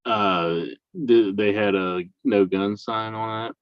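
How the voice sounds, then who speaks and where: A man with a very deep voice, chiming in with short, halting remarks during a podcast chat. The mic sounds dull and lo-fi, and the room is dry. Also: steady tone, clean tone, dry recording. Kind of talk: casual chat.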